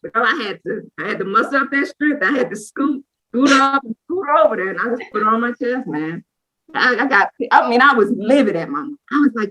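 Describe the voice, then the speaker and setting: Bright-voiced woman telling a lively story. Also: fairly high pitch, a little fast, low-quality recording. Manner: lively storyteller who acts out quotes. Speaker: co-host sharing a personal story. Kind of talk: casual chat.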